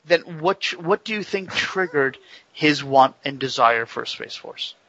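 A man co-hosting a radio talk show, halting and restarting as he puts forward his point. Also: on the high side, lively intonation, bright, forceful tone, no echo, muffled recording.

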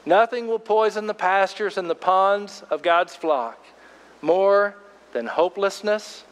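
A man's voice: high-pitched, a little slow, clear, resonant tone, in a large hall. An older man preaching a sermon as pastor, in a folksy, conversational storytelling way.

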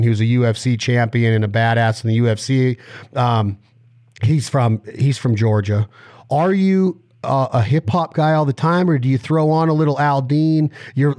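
A man hosting a casual interview, teasing and rambling through rapid-fire questions. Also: medium pitch, darkish tone, dry recording, studio quality. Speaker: podcast host.

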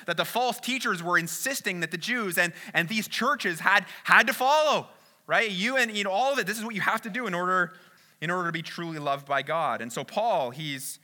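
A man's voice: high voice, pushed and bright. A man preaching a conversational sermon, often checking in with "right?" and restarting phrases. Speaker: pastor.

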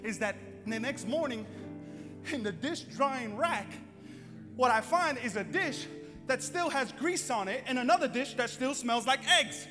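A man's voice: very high-pitched, animated, unhurried. A man voicing an exasperated wife who scolds her husband about chores, in an insistent, scolding manner. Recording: echoey hall, faint music.

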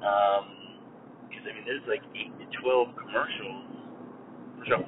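A man's voice: fairly low pitch, steady tone, unhurried. A man chatting in an easygoing, rambling way, often chuckling as he talks. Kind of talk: casual chat. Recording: tinny phone-like sound with faint noise.

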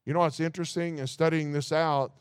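High, smooth-voiced preacher. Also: male voice, fairly even intonation, brisk, no echo, clean studio sound. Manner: reads scripture aloud, breaks off with rhetorical asides. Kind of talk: sermon.

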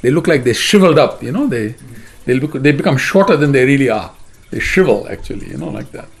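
A man's voice: medium pitch, expressive, fast talker, vocal fry. A man teaching a devotional scripture class, retelling the story in a chatty way and often asking "right?". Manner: chatty, keeps asking "right?" and "you know what I mean?".

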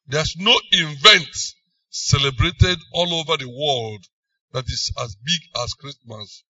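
A man with a Nigerian accent preaching a sermon, emphatic, swinging between loud and soft phrases. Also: fairly high pitch, takes it slowly, no room sound, distant mic, highs cut off.

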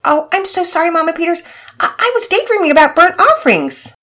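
A woman's voice: extremely high pitch, animated, a little fast, pushed and bright, voice pushed up, heavily acted. A woman voicing an earnest young girl who stammers through breathless apologies in a storybook reading. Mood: flustered, apologetic.

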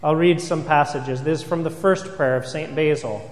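A man's voice: fairly high pitch, normal speed, few pauses. A man, a priest, giving an earnest sermon, asking rhetorical questions and repeating key phrases for emphasis. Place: church. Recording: reverberant church hall.

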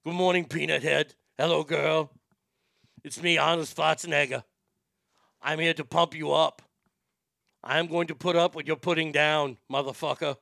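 A man putting on a hulking action hero, all swagger and punch, bright and gravelly in the voice, with a crude, pompous way of barking each line in a dry, close sound. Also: on the high side, fairly even intonation, moderate pace, pauses often, no echo. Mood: boastful. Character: macho muscle-bound action hero, booming man.

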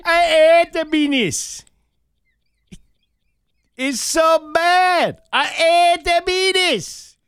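A man on morning radio putting on a Jamaican accent for a comic bit, drawing each word out slowly. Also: very high-pitched, fairly bright tone, dry recording, studio quality, voice pushed up, exaggerated voice. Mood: mock gloomy. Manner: slow, drawn-out, sing-song comic delivery.

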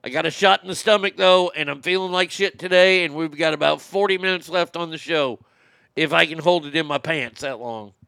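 A man with a gravelly edge on a crisp, smooth voice hosts a loose talk show, ranting bluntly and salting his points with profanity. His tone is bright and tense, a touch higher than most men, and he trips over repeated words as he tells stories, recorded dry and close. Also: brisk, dry recording. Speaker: show host. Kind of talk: casual opinionated talk show.

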